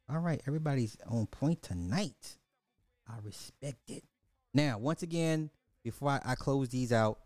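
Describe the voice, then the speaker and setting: A man hosting a casual livestream, reading chat questions in an animated, slangy way with lots of repetition and swearing. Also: medium pitch, no echo, studio quality.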